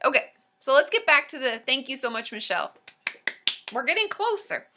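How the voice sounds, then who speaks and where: A woman hosting a casual livestream as a counselor, bubbly and excitable, cheering along with sound effects. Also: sits high, normal speed, a little hiss or hum. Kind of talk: casual livestream chat with viewers.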